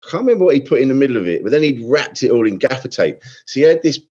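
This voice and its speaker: A man's voice: medium pitch, sing-song, rapid-fire, warm tone, breathy edge, dull audio. Man telling rambling anecdotes. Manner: rambling anecdotes, frequent restarts, swears. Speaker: guest comedian. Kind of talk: casual podcast chat.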